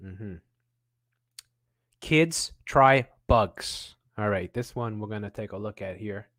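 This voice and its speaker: A man's voice: fairly low pitch, slow, fairly bright tone. A man hosting a show, giving sarcastic, mocking commentary on videos he plays and laughing often. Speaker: host. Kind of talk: casual commentary reacting to videos.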